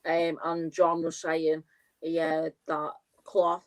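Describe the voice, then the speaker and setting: A young woman speaks in a low, level voice. She recounts things steadily in a relaxed fan chat. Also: slow, low-quality recording. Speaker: fan channel co-host. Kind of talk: casual football chat.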